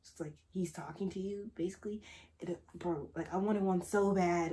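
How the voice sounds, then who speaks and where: A teenage girl unboxing gifts in a casual vlog, excitable and gushing, swinging from loud exclamations to hushed gasps with slangy chatter. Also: fairly low pitch, a little fast. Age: teens. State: tearful at moments. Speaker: vlogger.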